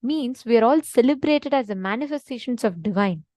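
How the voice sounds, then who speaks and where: A woman's voice: a little high, animated, a little fast, darkish tone, dry recording, studio quality. A woman giving a devotional teaching session, speaking earnestly and emphatically and repeating her key points. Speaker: spiritual teacher.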